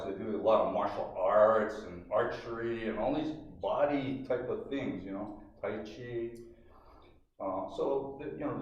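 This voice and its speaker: A man's voice: on the low side, a little mellow. An older man leading a meditation and self-massage class, talking loosely and checking in with "okay?" as he goes. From Hawaii. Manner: loose, rambling, full of "you know" and "okay?". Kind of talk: guided instruction class. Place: meditation hall. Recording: distant mic, very roomy, dull lo-fi.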